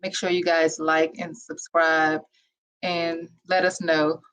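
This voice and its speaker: A woman co-hosting a casual review chat over a video call, relaxed and direct as she wraps up the show. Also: low-pitched, slow, poor audio. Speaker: co-host of a reality show review.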